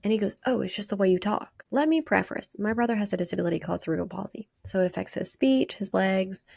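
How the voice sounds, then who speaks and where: A woman with a Southern US accent hosting a podcast, chatting and telling animated stories in a casual way. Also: medium pitch, vocal fry, dry recording, clean studio sound. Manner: chatty, animated retelling with quick quoted voices. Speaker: podcast host. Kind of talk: casual storytelling monologue.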